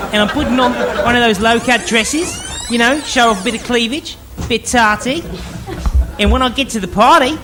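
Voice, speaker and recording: A woman doing a brash, smug female stand-up. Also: fairly high pitch. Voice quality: uptalk, brash. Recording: crowd and noisy ambience.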